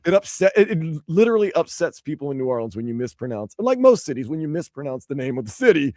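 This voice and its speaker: A man's voice: a little high, very animated, fast talker, darkish tone, no echo, studio quality. A man from Louisiana hosting sports radio, playful and joking, leading into the headlines. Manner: playful, swings his voice up and down. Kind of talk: casual radio banter.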